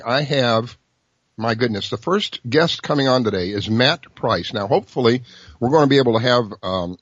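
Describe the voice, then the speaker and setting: A man's voice: mid-range voice, no room sound. A middle-aged man hosting a fishing radio show in a chatty, folksy way, with lots of fillers and chuckles. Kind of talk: casual radio talk. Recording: dull, lo-fi, dry broadcast sound.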